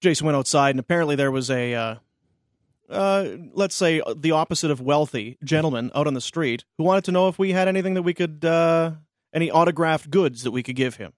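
A man hosting a morning radio show, his voice sitting a little high and recorded dry and close in the studio. He teases his co-hosts in loose, joking banter. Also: animated, brisk, no room sound. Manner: teasing, dry humor.

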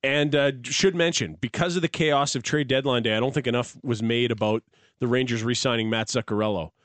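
Male radio co-host, mid-pitched, dry studio, wry banter and analysis. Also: fairly quick, fairly bright tone, no room sound. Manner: wry, joking, adds analysis.

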